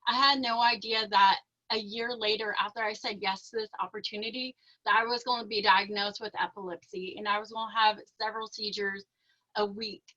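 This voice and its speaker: Nervous young woman with a bright voice. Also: mid-range voice, fairly even intonation, brisk. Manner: nervous, shaky, talks with many fillers. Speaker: presenter sharing her business story. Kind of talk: emotional personal testimony. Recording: dull lo-fi audio.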